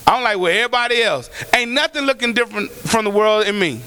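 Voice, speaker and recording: A very high-pitched man preaching from the pulpit, his voice leaping up and down with lively, animated swings. The tone is bright and sharp, and he moves from shouted declarations to softer, colloquial asides aimed at the people in the pews. It is a fervent church sermon. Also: fast, clear, resonant tone. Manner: colloquial, calls out to the congregation. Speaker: pastor.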